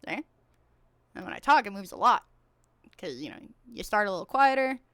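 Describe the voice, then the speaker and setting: A young woman with a high-pitched, squeaky voice, chatting casually and rambling on a live stream, swinging between loud and hushed. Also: very animated, moderate pace. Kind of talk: casual chat.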